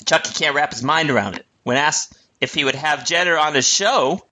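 A man's voice: a little high, normal speed, bright, forceful tone. A man co-hosting a podcast, chatting casually and mockingly, cursing and laughing often. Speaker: podcast co-host. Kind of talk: casual comedic commentary.

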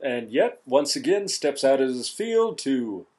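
A man's voice: mid-range voice, sing-song, a little slow, a little mellow. A man co-hosting a podcast in casual, skeptical chat, blunt and wisecracking. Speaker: podcast co-host.

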